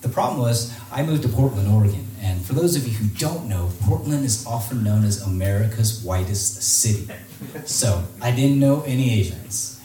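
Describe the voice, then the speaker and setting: A man tells a personal story to a live audience in a large hall, animated and slipping into the voices of the people he quotes. He sounds set back from the mic, and the room echoes around him with a little noise underneath. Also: fairly low pitch, normal speed, recorded from a distance. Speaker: speaker giving a talk.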